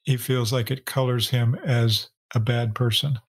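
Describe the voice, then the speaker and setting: A middle-aged man co-hosting a faith podcast, speaking in a calm, steady teaching tone. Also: mid-range voice, a little slow. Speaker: podcast co-host.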